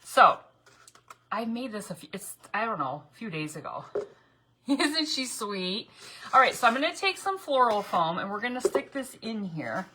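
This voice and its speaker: A woman's voice: medium pitch, very animated, brisk, bright, forceful tone, a little hiss or hum, low-quality recording. A woman hosting a casual crafting tutorial, chatty and rambling, often laughing and correcting herself as she works. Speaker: craft video host.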